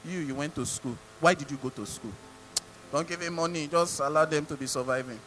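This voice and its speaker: A Nigerian preacher voicing God as a deep, offhand male deity, with a Nigerian English accent. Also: brisk, fairly bright tone, slight background noise, close to an everyday voice, low-quality recording. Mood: dismissive.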